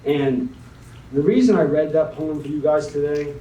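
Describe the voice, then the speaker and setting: A man's voice: fairly high pitch, mellow. Young man reading poetry in an echoey hall. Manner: slow, dramatic poetry reading. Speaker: guest speaker. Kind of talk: spoken word poetry then motivational talk. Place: conference hall. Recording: echoey hall, mic at a distance.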